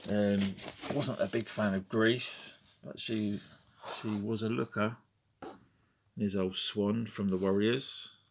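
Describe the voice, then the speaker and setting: This is a slow, steady-toned man with a lowish voice, middle-aged and chatting casually about his record collection as he browses it. He rambles wryly, mutters to himself, and breaks into fragments of songs.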